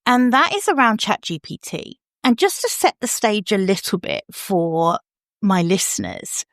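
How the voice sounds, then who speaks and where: A woman's voice: mid-range voice, very animated, unhurried, a bit bright, dry recording, clean studio sound. A middle-aged English woman hosting a podcast, chatty and effusive, laughing easily as she talks with her guest. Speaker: podcast host. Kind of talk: casual podcast chat.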